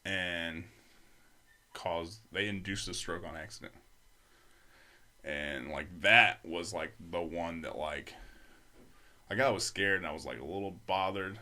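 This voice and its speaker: Deep-voiced young man, casual and profane. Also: unhurried, long pauses, pushed and bright. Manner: profane, rambling, many fillers. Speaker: podcast guest. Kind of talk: casual storytelling.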